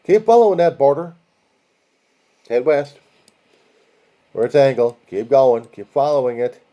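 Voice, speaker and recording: Guy slowly talking folks through a map, mellow low tone, swears here and there, lists off places like a chant. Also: lively intonation. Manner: rambling, profane asides, talks to viewers as guys. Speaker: video host. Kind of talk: casual commentary walking viewers through a map.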